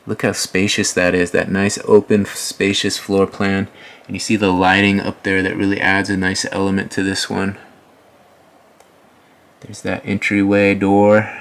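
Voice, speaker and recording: A man hosting a house tour, chatting casually over the photos with folksy asides to his viewers. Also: on the low side. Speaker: host.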